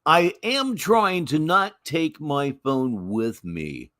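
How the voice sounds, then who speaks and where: A man with a sardonic, mocking delivery talks over video clips, his pitch jumping all over between loud jabs and quiet asides. He sounds like a host running a running commentary. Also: big pitch swings, slow pace. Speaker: show host reacting to clips.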